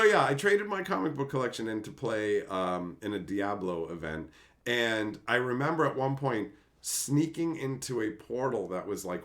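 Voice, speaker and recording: Host, male, casual storyteller, voice swings up and down a lot, salty language. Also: lowish voice. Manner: animated, swears, acts out quotes in different voices. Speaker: channel host.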